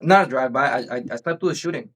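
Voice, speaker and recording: A man's voice: medium pitch, racing, a bit bright. A man chatting casually on a podcast, telling rambling stories with frequent restarts. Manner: rambling storyteller, restarts often. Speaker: podcast host. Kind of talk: casual chat.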